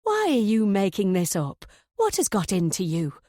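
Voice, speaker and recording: A woman's voice: mid-range voice, huge pitch swings, moderate pace, dark tone, dry recording, studio quality. A woman voicing an older landlady, speaking in a coaxing, motherly way. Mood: indignant. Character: older landlady, sweetly smiling, unsettling.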